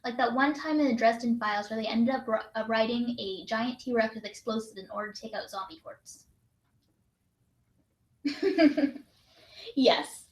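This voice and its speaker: Bubbly young woman in an echoey room. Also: a little high. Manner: bubbly, quick to laugh, reads prompts aloud. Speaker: write-in co-host. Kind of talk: casual livestream chat. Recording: roomy echo.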